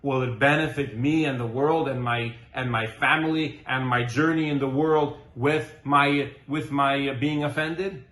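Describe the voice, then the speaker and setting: A man's voice: medium pitch, fairly even intonation, unhurried, hardly any pauses, fairly bright tone. Earnest man teaching a Torah class. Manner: earnest, rhetorical questions, weaves in Hebrew and Yiddish terms. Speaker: rabbi. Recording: roomy echo.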